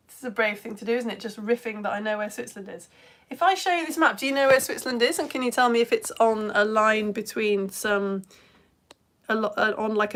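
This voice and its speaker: Excitable British woman teaching kids science. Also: fairly high pitch. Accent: British English. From United Kingdom. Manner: chatty, excitable, self-mocking. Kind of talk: live-streamed lesson chatting with viewers.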